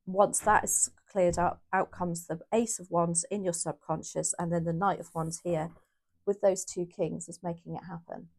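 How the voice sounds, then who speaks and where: A woman with a lowish, gravelly voice chats her way through a tarot reading. She is casual and a little rambling, thinking aloud and correcting herself as she goes. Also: steady tone, normal speed, darkish tone. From United Kingdom. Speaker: tarot reader.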